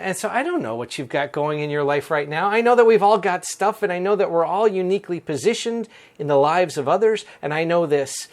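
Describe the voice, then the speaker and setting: Earnest priest with a fairly high voice. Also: male voice. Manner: earnest, conversational, chuckles often. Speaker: Catholic priest. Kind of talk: conversational daily homily podcast. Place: rectory room.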